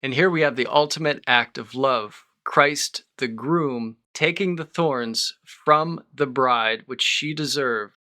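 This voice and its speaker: A man preaching a sermon as a pastor, reading scripture aloud and explaining it in short, measured phrases. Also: medium pitch, pushed and bright.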